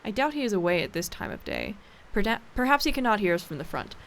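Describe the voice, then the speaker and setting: A woman voicing a grave, formal male doctor in a game, reading his lines in a measured way. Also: mid-range voice, sing-song, background noise.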